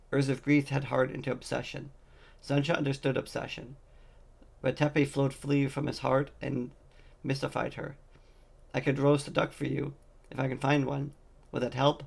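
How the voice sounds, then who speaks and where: A man's voice: mid-range voice, flat delivery, moderate pace, creaky, breathy edge. A man reading a fantasy novel aloud, voicing the dialogue lightly in his own voice. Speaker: audiobook reader.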